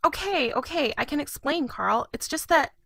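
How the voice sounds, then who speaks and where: A guilty princess in a video game, pleading and placating. Her voice is high and bright with a sharp edge. The recording is dry, with no room sound. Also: lively intonation, normal speed, creaky, dry recording, full character voice.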